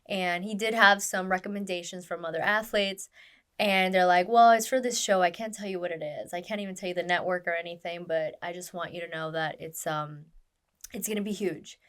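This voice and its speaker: A woman's voice: fairly low pitch, fairly quick. A woman, a stunt performer, telling her story in a casual interview, acting out quoted lines with lots of fillers. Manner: animated, acts out quoted dialogue, many fillers.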